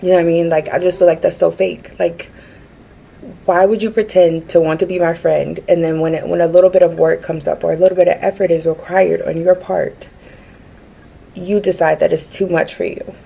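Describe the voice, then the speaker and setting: A woman's voice: fairly low pitch, little pitch movement, fairly quick, vocal fry, dark tone, breathy edge, low-quality recording. A woman vlogging a rambling personal rant, earnest and frustrated, with many fillers and restarts.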